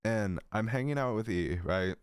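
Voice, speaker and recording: A teenage boy with a low, deep voice tells stories in a giggly, rambling way, tossing in profane asides. His throat sounds a little dry, and the recording is close and dry, with no room sound. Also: normal speed, clear, resonant tone, no room sound. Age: teens. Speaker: storytelling creator. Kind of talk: casual storytime vlog.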